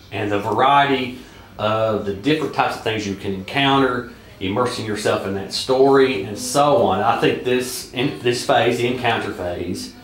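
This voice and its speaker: A man with a Southern US accent casually walking through a board game's rules, halting often with filler sounds and restarts. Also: mid-range voice. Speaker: board game reviewer. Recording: echoey room.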